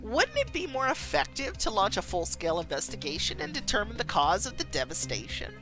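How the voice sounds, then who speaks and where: A woman's voice: fairly high pitch, wildly swooping pitch, a little fast, music in the background, voice pushed up. A woman voicing a probing female TV news anchor who asks pointed questions.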